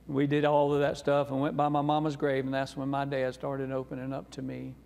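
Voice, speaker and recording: A North Carolina man preaches as a guest speaker, sharing a personal testimony as a folksy, earnest, warm storyteller. His gravelly, medium-pitched voice is monotone and fairly quick, echoing through a reverberant church sanctuary.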